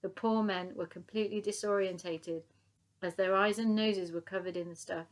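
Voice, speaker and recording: A woman reading a children's book aloud in a lively, expressive way, chapter by chapter. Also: medium pitch, moderate pace. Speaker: storybook reader.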